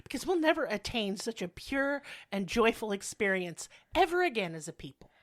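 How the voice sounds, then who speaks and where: Woman, 30s, podcast co-host, casual comedic chat, teasing, laughs a lot, lively swooping pitch. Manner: loud laughing, playful, quick to tease.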